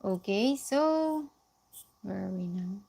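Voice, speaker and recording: Slow-speaking Filipino woman teaching. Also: mid-range voice, lively intonation, gravelly, mellow, slightly rough. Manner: explains slowly, repeats example phrases, mixes in Tagalog. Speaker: Japanese language teacher. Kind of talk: live online lesson.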